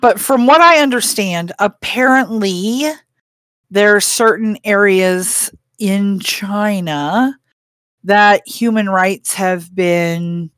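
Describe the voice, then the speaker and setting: Slow, hesitant woman chatting on a podcast. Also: mid-range voice, a bit bright, dry recording, studio quality. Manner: rambling, hesitant, many fillers. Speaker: podcast co-host. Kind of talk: casual chat.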